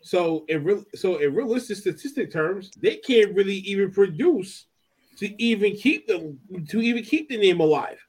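A man's voice: high voice, expressive, normal speed, darkish tone, slightly rough. A man co-hosting a wrestling podcast, rambling through his opinion with lots of fillers. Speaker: podcast co-host. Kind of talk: casual commentary.

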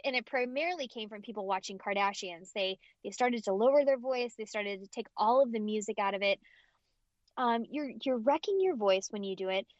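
A woman voice actress giving emphatic, expressive interview answers, often restarting her sentences. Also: fairly high pitch, no room sound. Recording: slightly dull, dry audio.

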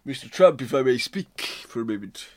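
A man's voice: medium pitch, animated, fairly quick, darkish tone, no echo, clean studio sound, natural voice. A man doing an impression of a bumbling, older British prime minister, rambling and stammering as he fumbles for words.

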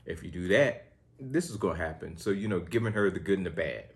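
A man's voice: deep voice, expressive, fairly quick. A man in his thirties co-hosting a podcast, teasing his co-host and explaining things in a laid-back way. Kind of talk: casual chat.

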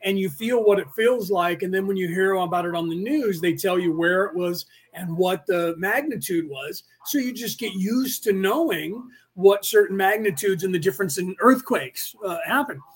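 A man in his forties from California talks through a casual podcast livestream in a fairly high voice. His speech wanders, full of restarts and self-corrections, as he chats with his listeners. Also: moderate pace, few pauses, breathy edge. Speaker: podcast host.

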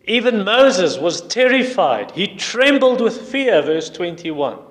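A man's voice: sits high, sing-song, takes it slowly. A male preacher delivering a sermon and retelling a story in an emphatic way. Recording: long hall reverb.

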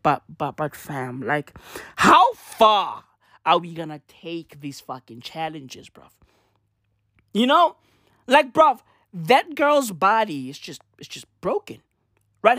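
A woman's voice: medium pitch, dry recording, clean studio sound. A woman delivering a profane, ranting vlog monologue, piling on slang fillers and repeated curses. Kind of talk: profane rant to camera.

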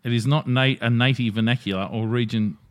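A man co-hosting a casual podcast chat, blunt, excitable and quick to swear. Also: medium pitch, no room sound, clean studio sound. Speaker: podcast co-host.

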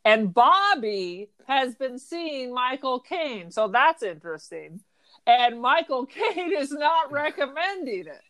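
Brief: sarcastic female podcast co-host, slightly high voice, chatty. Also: expressive, slow pace, fairly bright tone. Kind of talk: casual film discussion chat.

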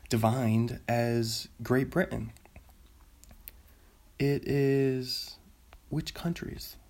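A man hosting a casual podcast, rambling and joking at himself, who breaks into silly high-pitched bits before reading a plot recap. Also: steady tone, very slow, pauses often, a little mellow. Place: home.

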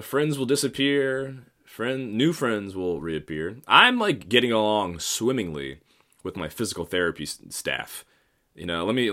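Man in his thirties, low voice, lively swings, bright tone, casual monologue. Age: 30s. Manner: rambling, profane, self-mocking.

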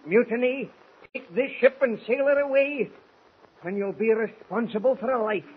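An actor playing a loyal, stubborn Scottish sailor who pleads earnestly in broad dialect, in 1940s radio acting. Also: male voice, very high voice, moderate pace, husky, narrow, tinny audio, full character voice. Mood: pleading.

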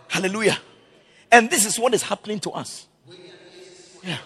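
A man preaching a sermon as pastor, swinging between loud shouted lines and quiet, low storytelling. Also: moderate pace, pauses often, breathy edge.

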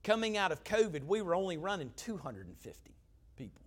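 A man, a pastor preaching a storytelling sermon in an emphatic, conversational way, swinging between loud and quiet. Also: sits high, very animated, a little fast.

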